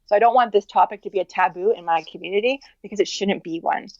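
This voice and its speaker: An earnest woman telling her story in an interview, her voice sitting at an ordinary middle pitch as she circles back and restarts her sentences. The sound is dry and a little dull. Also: no echo. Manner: earnest, talks in halting restarts with many likes. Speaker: interview guest. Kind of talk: candid personal interview.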